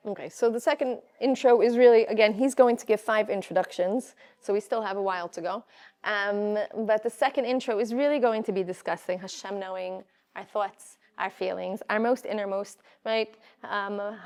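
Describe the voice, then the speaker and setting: A woman's voice: medium pitch, moderate pace, darkish tone. A woman giving an informal Torah class, talking conversationally with frequent restarts and Hebrew terms mixed in. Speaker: Torah teacher.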